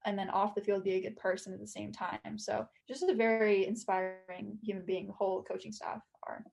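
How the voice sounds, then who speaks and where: A woman's voice: mid-range voice, fairly even intonation, brisk, gravelly, darkish tone. A young woman, a college soccer captain, talking earnestly and casually as a podcast guest, with lots of filler words. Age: young adult. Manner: earnest, chatty, many "like" fillers.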